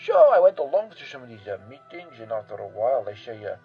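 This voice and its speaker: A man's voice: mid-range voice, sing-song, quick pace, vocal fry, husky, narrow, tinny audio, faint music behind, exaggerated voice. A man playing a rambling, boastful European man who pokes fun at himself, in a comic character monologue full of fillers and asides.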